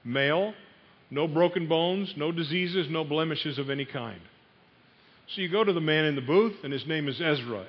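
A man's voice: on the high side, normal speed. A man preaching a sermon, telling a story and putting questions to his listeners. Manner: storytelling, asks the audience questions. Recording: dull sound in a long-reverb hall.

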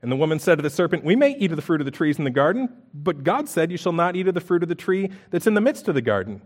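A man preaching a sermon, reading scripture aloud and breaking into animated storytelling with playful asides. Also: a little high, rapid-fire. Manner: reads scripture passages aloud. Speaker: pastor.

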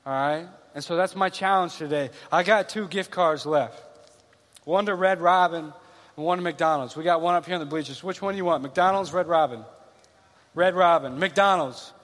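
High-voiced pastor in a reverberant hall. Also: male voice, a little fast, a bit bright. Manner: earnest, repetitive, conversational preaching. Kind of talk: sermon. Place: large room with bleachers.

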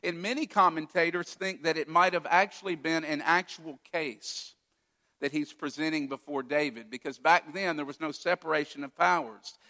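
A man's voice: fairly high pitch, steady tone, moderate pace, pushed and bright. A man preaching a sermon as a pastor, retelling a story and acting out its quoted lines with feeling. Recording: long hall reverb.

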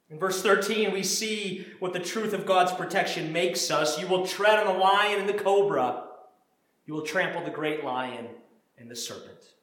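A man's voice: high-pitched, a bit bright. A man preaching a sermon as pastor, earnest and repeating words when he stresses a point. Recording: very echoey room.

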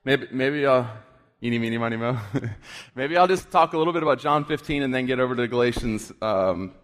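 A man's voice: mid-range voice, a bit bright, big-room sound. Guy pastor preaching casual, lots of restarts and stumbles, prays partway. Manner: conversational, halting restarts. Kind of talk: sermon with prayer.

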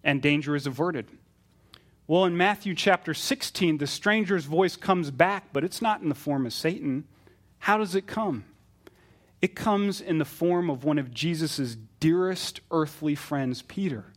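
A middle-aged pastor preaching a sermon in an earnest manner that builds to fervent emphasis. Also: male voice, on the high side, a little slow.

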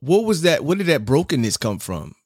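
A man's voice: fairly high pitch, sing-song, fairly quick, no room sound, studio quality. A man hosting a podcast, asking questions and affirming his guest with short interjections. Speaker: podcast host. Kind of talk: casual interview talk.

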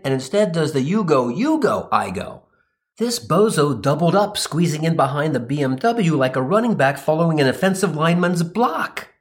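A man telling a comedic story as a monologue, ranting in an exasperated, sarcastic way. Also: fairly high pitch.

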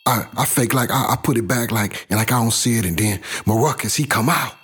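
A man's voice: medium pitch, brisk, fairly bright tone, husky. A middle-aged man from South Los Angeles telling his own life story in a blunt, profane, casual way.

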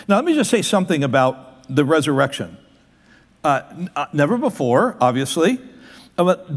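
A man's voice: fairly high pitch, big-room sound. A man, the lead pastor, preaching a sermon in an emphatic way, often repeating words and restarting.

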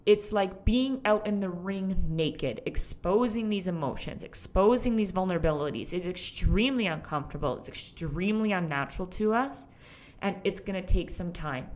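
A woman's voice: on the low side, lively intonation, normal speed, a little mellow. Candid, laughing woman podcast host. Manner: candid, laughs often, talks to the listener directly. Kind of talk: casual solo podcast talk.

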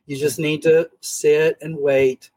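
A man leads a casual Bible study, his voice a touch high with a husky edge. He talks in an animated way, slipping into little voices as he retells the scenes. He speaks into a camera mic. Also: slow, dry recording.

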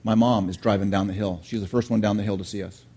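A middle-aged man preaching a sermon, telling a lively childhood story and asking the congregation questions along the way. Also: fairly low pitch, fast, husky. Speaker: pastor.

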